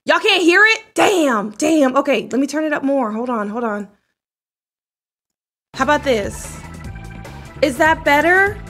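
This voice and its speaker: Bubbly, bright-voiced woman streamer. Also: high voice, a little slow, long pauses, faint music behind. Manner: chatty, excitable, talks to chat. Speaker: game streamer. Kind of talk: casual live-stream chat.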